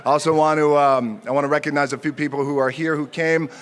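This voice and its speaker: A man in his forties giving an unscripted acceptance speech at an outdoor ceremony, joking and pausing often with fillers. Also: a little high, fairly even intonation. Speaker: speaker at an outdoor honor ceremony.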